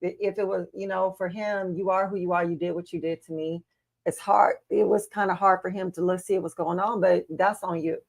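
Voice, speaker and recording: A woman's voice: fairly low pitch, steady tone, brisk, creaky. Chatty woman giving her opinions on a stream. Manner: chatty, talks straight to the viewers and argues her take. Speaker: watch-along co-host. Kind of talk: casual live-stream chat.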